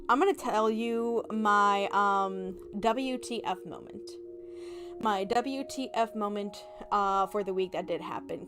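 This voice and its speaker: A woman's voice: medium pitch, a bit bright. A young woman chatting casually on a livestream, bubbly and giggly, acting out little reactions. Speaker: vtuber streamer.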